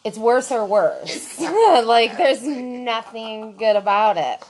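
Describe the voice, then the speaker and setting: A woman on a podcast telling a story about herself in casual chat, animated and self-mocking, swearing freely. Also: fairly high pitch, slow, slight background noise.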